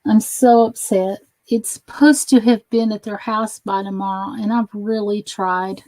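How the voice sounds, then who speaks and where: A woman's voice: medium pitch, fairly even intonation, a little slow, warm tone, no echo, rough recording. A tired woman chatting casually with viewers while she crafts on a live stream. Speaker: crafting livestream host.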